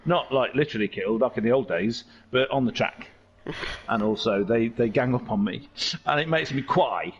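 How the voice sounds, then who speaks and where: A man's voice: medium pitch, expressive, normal speed, dull audio, a little hiss or hum. A man commentating a charity race stream, rambling and joking as he goes off on tangents.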